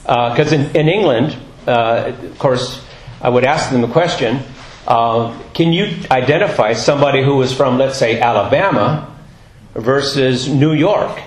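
A man's voice: medium pitch, measured pace, reverberant, low-quality recording. A man giving a sermon, talking in a chatty, rambling way with lots of fillers. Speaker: guest preacher. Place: church.

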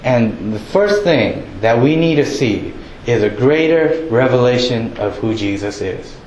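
A man preaching a sermon in a relaxed, conversational way, acting out townsfolk with a raised voice. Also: medium pitch, a little slow, roomy sound, a little hiss or hum, poor audio. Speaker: pastor.

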